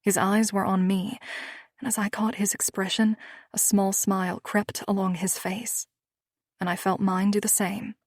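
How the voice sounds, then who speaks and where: Reading scripted first-person narration from a romance audiobook, a woman delivers the text with measured expressiveness at a middle pitch. The sound is close and dry, without any room sound.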